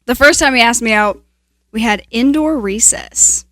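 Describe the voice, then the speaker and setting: A young woman co-hosting a podcast, telling stories in casual chat, animated and laughing often. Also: a little high, moderate pace, dry recording. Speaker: podcast co-host.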